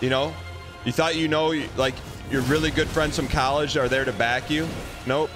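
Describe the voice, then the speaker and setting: A man live-streaming a video game, chatting casually and teasing his chat with quick comebacks. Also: fairly high pitch, fairly even intonation. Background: game music.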